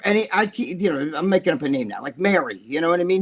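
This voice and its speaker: A podcast regular with a highish voice and lively intonation speaks quickly as he rambles through profanity-laced stories. It's casual storytelling, and he acts out the people involved.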